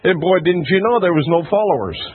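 A male preacher tells a story in a folksy, emphatic way, his voice high and husky and full of ups and downs. The sound comes through thin and boxy, like a radio broadcast. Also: lively intonation, brisk, phone-quality sound. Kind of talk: sermon.

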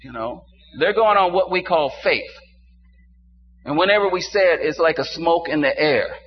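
Older male pastor, sermon delivery, quiet asides building to fervent exclamations; lo-fi church recording. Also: a little high, moderate pace. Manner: preaching to a congregation, swings from quiet to rising exclamations. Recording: dull muffled sound with faint hum.

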